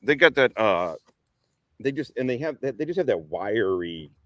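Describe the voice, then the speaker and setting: A man's voice: medium pitch, big pitch swings, moderate pace. A man hosting a live stream in casual chat, crude and combative, swearing freely. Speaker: podcast host.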